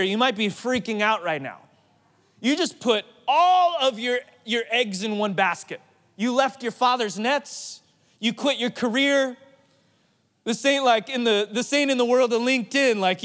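High-voiced pastor preaching in a hall. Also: male voice, a bit bright. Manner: informal, joking, retells scripture in everyday slang. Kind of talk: casual conversational sermon.

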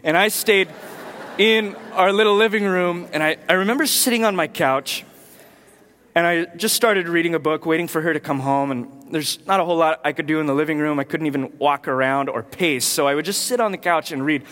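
A man in his thirties preaching a sermon, telling a personal story with animated delivery. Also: fairly high pitch, brisk. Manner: storytelling, animated, with loud acted outbursts. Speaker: pastor. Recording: long hall reverb.

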